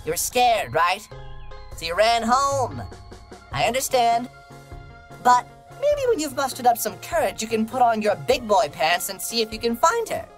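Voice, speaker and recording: A sarcastic, scolding nag. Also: female voice, fairly high pitch, sing-song, moderate pace, soft background music. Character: stern, sarcastic woman scolding a lazy young man. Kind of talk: game dialogue.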